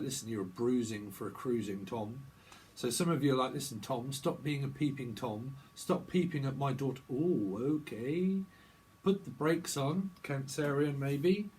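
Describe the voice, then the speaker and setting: A man's voice: medium pitch, a little hiss or hum, low-quality recording. A man hosting a tarot channel, rambling through channeled messages in playful, free-associating wordplay and laughing often.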